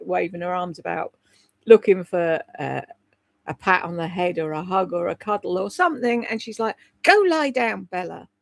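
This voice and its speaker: A woman's voice: mid-range voice, gravelly, no echo. A woman hosting a livestream, gossiping bluntly, swearing freely and answering viewers' comments by name. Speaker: livestream host. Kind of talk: casual gossip chat reading viewer comments.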